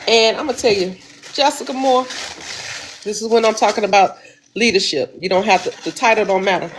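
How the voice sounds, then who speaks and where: A woman's voice: mid-range voice, normal speed, slight background noise. A woman hosting a weekly affirmation livestream, chatting casually and exclaiming, calling her listeners baby.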